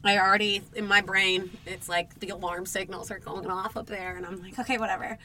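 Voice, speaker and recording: Young woman gabbing on a podcast, bright voice, swears a lot and acts out what she said. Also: mid-range voice, moderate pace. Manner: animated, swearing, acts out her own reactions. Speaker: podcast co-host. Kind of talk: casual storytelling chat.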